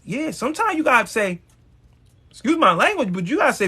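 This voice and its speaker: A man's voice: very high voice, big pitch swings, brisk, bright, forceful tone, slightly rough. A man hosting a live stream, giving a blunt, emphatic motivational talk straight to his viewers, with some profanity. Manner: addresses viewers directly.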